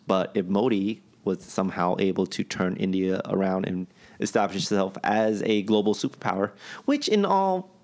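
Here a man with a deep, slightly mellow voice speaks at normal speed while co-hosting a podcast. The talk is casual, with offhand opinions and a bit of profanity.

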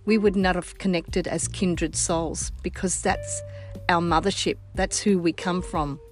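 An older woman with an Australian accent hosting a casual chat, telling stories in a warm, heartfelt way. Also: fairly low pitch, fairly even intonation, unhurried, faint music behind.

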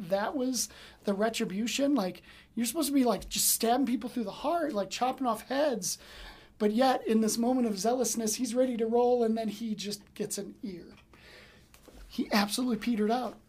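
A woman hosting a daily Bible study, reading scripture and then commenting in a chatty, animated way full of "um" and "like". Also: medium pitch.

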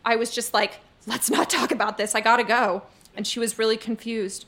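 A woman stands at a stage mic reading her teenage diary to a live audience. Her voice is bright and sits a little high, and she leans into the melodrama with gushing, comic timing. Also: steady tone, moderate pace. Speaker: live show reader. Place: stage before a laughing audience.

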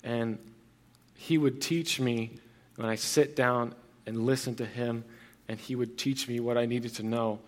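A man's voice: mid-range voice, steady tone, a little slow. Young male pastor, casual sermon. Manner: casual, earnest, conversational preaching with frequent restarts.

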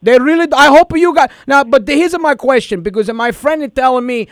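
A man's voice: very high-pitched, fairly quick, dry recording, studio quality. A man doing a prank call in a put-on heavy Italian accent, rambling in broken English and mixing up his words.

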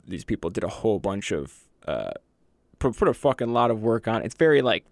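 A man's voice: fairly low pitch, sing-song, a little fast, dry recording, studio quality. Rambling, profane man in casual chat. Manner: rambling and profane, with many fillers.

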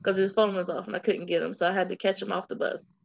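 A woman in casual chat, teasing and quick to laugh. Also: mid-range voice, little pitch movement, creaky, dull audio.

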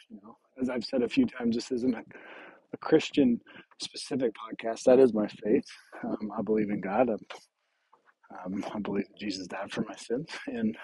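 A man with a gravelly, husky voice talks while hiking hills outdoors at night, audibly out of breath. He is earnest and rambling, restarting his sentences as he goes. His tone is mellow and dark, with a dry, close sound. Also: high-pitched, dry recording, rough recording. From Oregon. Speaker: podcast host. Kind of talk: motivational faith talk.

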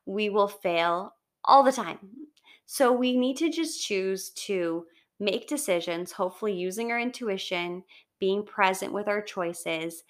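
A woman's voice: mid-range voice, a bit bright. A woman giving a chatty, encouraging motivational talk, often checking in with "right?".

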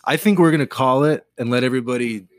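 A barber co-hosting a casual podcast in his shop, with a sarcastic, playful and profane way of talking. His voice sits at a middling pitch. The sound is dry and close-up. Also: fast talker, no room sound, faint music behind.

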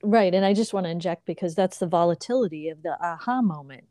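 A woman with a mellow, warm voice chatting casually about inner work. She laughs easily and breaks in with jokey asides. The sound is close and dry. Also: fairly low pitch, fast talker, no room sound. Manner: relaxed, laughs often, interjects with jokey asides. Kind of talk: casual spiritual chat.

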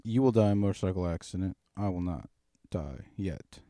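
A man's voice: low voice, lively intonation, fairly quick, warm tone, no room sound, studio quality. A man in casual chat, rambling and swearing as he spins a darkly comic story.

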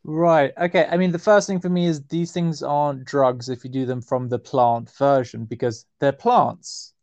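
A man, talking casually as an interview guest, relaxed and rambling with fillers and restarts. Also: medium pitch, moderate pace, no room sound, lo-fi sound. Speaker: herbalist guest.

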